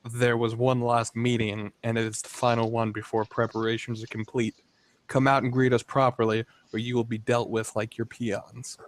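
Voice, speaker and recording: A man's voice: medium pitch, level tone, normal speed, slight background noise, lightly acted. A man voicing his adventurer in a commanding, imperious tone. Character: imperious human adventurer bluffing.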